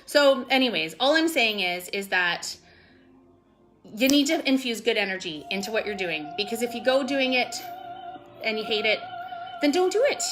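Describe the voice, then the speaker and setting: A woman vlogging casually to her business team, gushing and rambling with lots of "like" and "totally", sometimes close to tears. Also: fairly high pitch. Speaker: network marketing vlogger. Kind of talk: casual motivational vlog.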